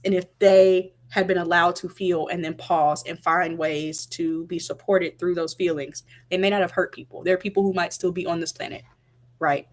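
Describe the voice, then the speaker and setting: A woman in her thirties, a mother of toddlers, giving casual parenting advice to viewers on a live stream in a direct, chatty way. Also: lowish voice. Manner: chatty, direct, addresses viewers, many fillers like "like" and "right?".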